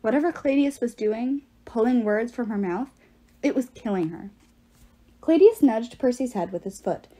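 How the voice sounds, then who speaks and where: A woman narrating a novel aloud with steady, expressive narration. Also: a little high, moderate pace. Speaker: audiobook reader.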